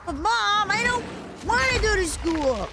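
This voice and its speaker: A woman putting on a shrill whiny tantrum kid. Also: lively intonation, a little slow, over loud music, exaggerated voice. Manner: shrill pleading whine.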